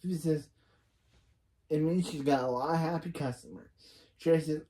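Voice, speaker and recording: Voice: mid-range voice, moderate pace, dark tone. A reviewer casually recapping a TV episode scene by scene, stopping to correct themselves and adding personal opinions along the way. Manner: retells scenes line by line, with frequent restarts and opinion asides. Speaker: reaction reviewer.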